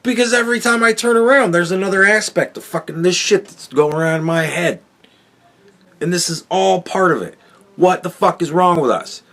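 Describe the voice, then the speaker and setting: A man's voice: high-pitched, moderate pace, fairly bright tone. A man hosting a solo commentary podcast, ranting in a profane, sarcastic, exasperated way. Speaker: podcast host.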